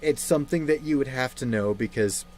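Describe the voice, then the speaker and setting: A young man speaks on his livestream in a halting, somber way, stopping and restarting often. His voice sits at a middle pitch, with a faint hiss behind it. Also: darkish tone. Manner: halting, subdued, many fillers and restarts. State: grieving, somber. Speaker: livestream host. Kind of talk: casual livestream chat.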